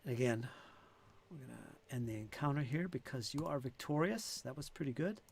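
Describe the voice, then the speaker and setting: A man's voice: mid-range voice, lively intonation, brisk, gravelly, slight background noise. A man running a tabletop game as game master, thinking aloud with fillers and restarts.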